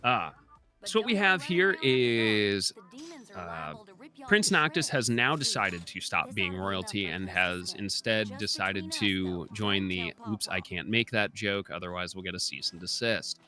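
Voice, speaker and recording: A man's voice: on the low side, unhurried, sharp tone, soft background music. A young man giving chatty, explanatory live commentary during a speedrun, with many filler ums.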